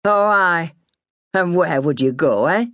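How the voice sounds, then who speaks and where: A woman plays a hard, stern old farmer father, growling and scornful at his daughter. His voice takes on a rougher, altered tone from the narrator's own, set in a dry, close storybook reading. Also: a little high, expressive, slow pace, a bit bright, no room sound.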